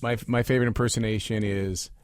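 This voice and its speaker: A man hosting a casual interview, easygoing, with short replies and relaxed storytelling. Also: fairly low pitch, fast talker, clean tone. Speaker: interview host. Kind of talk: casual chat.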